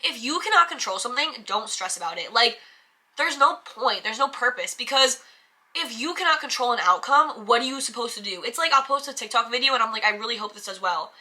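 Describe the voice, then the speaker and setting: A young woman vlogging casually to camera, chatty and animated, with lots of fillers and quick self-talk. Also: a little high. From United States.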